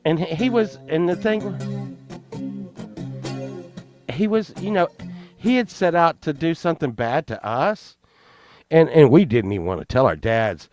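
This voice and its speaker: A man with a fairly high voice tells a crude story at an unhurried, drawn-out pace. He rambles, swears freely and keeps breaking into laughter. Plucked guitar music plays clearly behind him. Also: lively intonation. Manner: rambling, profane, laughing at his own story. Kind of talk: casual storytelling.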